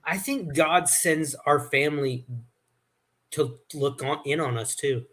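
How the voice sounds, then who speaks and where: A man's voice: on the high side, slow, a crowd in the background. A man hosting a casual chat, telling rambling stories with many restarts. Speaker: host.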